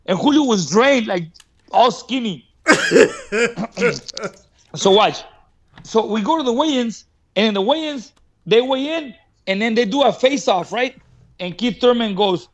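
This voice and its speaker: A man's voice: sits high, moderate pace, long pauses, muffled recording. A man, a boxing trainer from Mexico, telling a story as a podcast guest, acting out what people said and laughing often. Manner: animated, acts out quoted dialogue, laughs often. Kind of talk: casual storytelling. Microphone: studio podcast mic.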